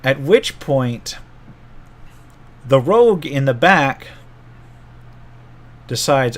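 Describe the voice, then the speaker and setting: A man's voice: medium pitch, animated, unhurried, pauses often. A middle-aged man, a game master, casually telling a rambling story from an old tabletop game and often correcting himself as he goes.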